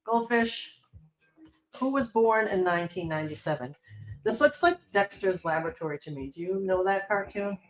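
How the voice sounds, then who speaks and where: Stream sidekick, mid-pitch voice, short dry asides, casual card-opening chatter. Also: normal speed, low-quality recording. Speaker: co-host on a live stream. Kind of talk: casual live-stream chat.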